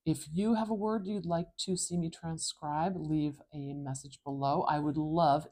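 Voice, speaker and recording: Female teacher, low warm voice, precise and emphatic tutorial delivery. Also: steady tone, a little slow, few pauses. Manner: clear, precise, emphatic explanations. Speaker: phonetics teacher. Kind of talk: tutorial lesson.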